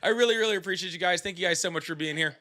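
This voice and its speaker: A man with a high, bright, forceful voice hosts a casual livestream chat. He jokes and teases the callers and laughs often. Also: racing. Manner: joking, teasing, laughs often. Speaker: livestream co-host.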